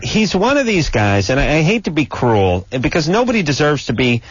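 A man's voice: fairly high pitch, huge pitch swings, husky, no echo, dull audio. A man hosting a call-in radio show, joking and teasing in casual banter. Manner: joking, teasing, quick to laugh.

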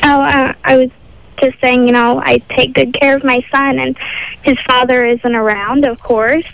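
A young woman calling in to a radio show, talking in a hesitant, halting way. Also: sits high, flat delivery, vocal fry, fairly bright tone, dry recording, rough recording. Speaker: caller. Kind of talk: call-in radio chat.

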